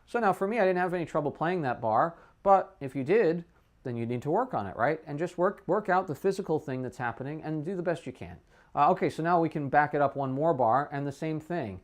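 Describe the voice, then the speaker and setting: A man's voice: fairly high pitch, animated, brisk. A man, a music teacher, explaining how to practice a piece and singing the phrases on syllables between his explanations. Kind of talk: demonstrating practice method. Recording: dull lo-fi stream audio.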